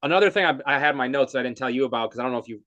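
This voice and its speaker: A man's voice: mid-range voice, rapid-fire, bright, forceful tone, dull audio. A man hosting a podcast, asking questions in a chatty way with lots of fillers. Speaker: podcast host. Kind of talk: casual interview.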